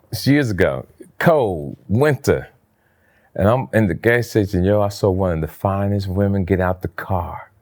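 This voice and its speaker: A man from New Jersey telling stories in a casual interview, his voice jumping up high when he acts out what people said. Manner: animated storyteller, voice jumps high for quoted lines. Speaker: interview guest, comedian.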